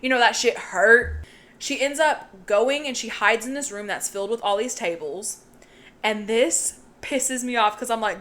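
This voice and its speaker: A woman's voice: on the high side, unhurried, fairly bright tone. Profane laughing woman podcast co-host. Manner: profane, laughing, retelling plot with put-on quotes. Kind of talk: casual movie recap chat.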